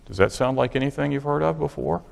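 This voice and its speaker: A man preaches with an emphatic delivery, pressing his listeners with question after question. His mid-range voice carries a gravelly edge. The sound rings out in a long, echoing reverb. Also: mid-range voice, fast, a little mellow. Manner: emphatic, asks the congregation rhetorical questions. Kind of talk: sermon.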